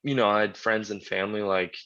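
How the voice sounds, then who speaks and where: A man with a low, bright, forceful voice tells his story bluntly and swears freely as a podcast guest. The audio is dull and lo-fi. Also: steady tone, quick pace. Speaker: podcast guest, strongman champion. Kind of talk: casual interview chat.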